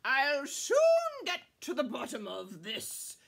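A woman voicing a confident male vet in a storybook, speaking in a brisk, self-assured way. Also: fairly high pitch, very animated, gravelly, sharp tone, breathy edge, full character voice.

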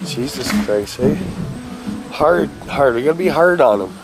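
A man's voice: medium pitch, lively intonation, unhurried. A man filming a casual vlog, brash and teasing, swearing constantly. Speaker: work crew boss filming a vlog. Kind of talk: profane casual chat. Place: outdoors at a work site and in a car. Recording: loud outdoor and traffic noise.

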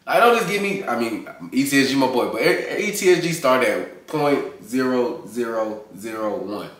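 A man hosting a music reaction video, chatting in a hyped, excited way and talking over the track. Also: medium pitch, moderate pace, recorded from a distance. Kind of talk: casual music reaction commentary. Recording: echoey room with music playing.

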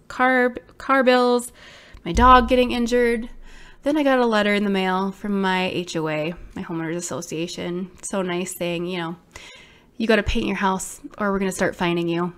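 A woman in her thirties, a small business owner, telling viewers her own story in an animated, exclamatory way, full of "like". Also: medium pitch. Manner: animated, exclamatory, many fillers like "like".

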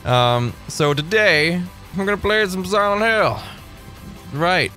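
Excitable lively-voiced streamer man. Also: sits high, slow pace, faint music behind. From Northern Ireland. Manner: excitable, yelling and swearing, joking voices. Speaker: game streamer. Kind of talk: let's-play stream commentary.

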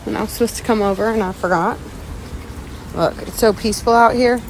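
A woman chatting excitedly in a casual vlog, gushing and upbeat, filmed on a phone indoors and outdoors. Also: a little high, a little fast, slight background noise, low-quality recording. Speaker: vlogger.

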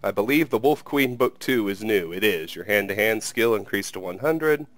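Brief: male gamer narrating a book from a game, measured, low, dry close mic. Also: animated, dry recording. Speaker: let's play host. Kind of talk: reading a book aloud in a game.

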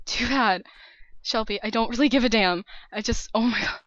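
A woman's voice: a little high, normal speed, fairly bright tone, dry recording, lo-fi sound. A young woman narrating her own game as a let's-play host, nervous and shaky, talking to herself and her viewers. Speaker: gaming channel host.

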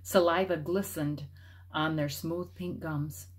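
A woman reads a children's novel aloud in a slightly low voice. Her reading is expressive and shifts with the story. It has the feel of a read-aloud meant for kids at home. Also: slow pace. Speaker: storybook reader.

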